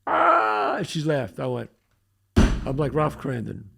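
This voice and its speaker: A man's voice: mid-range voice, moderate pace, creaky, heavy background noise. A man hosting a podcast, telling a story in casual chat and acting out what people said. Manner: animated storyteller acting out quotes. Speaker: podcast host.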